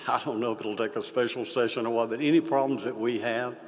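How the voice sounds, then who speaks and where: An older man giving a folksy, halting speech as a state senator, with many fillers and restarts. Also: medium pitch, fairly even intonation. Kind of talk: folksy speech with a told story. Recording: reverberant hall.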